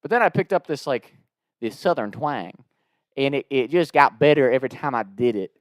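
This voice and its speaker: A man's voice: mid-range voice, lively intonation, moderate pace, dry recording. A man telling a comedic story in a casual, rambling, profane way.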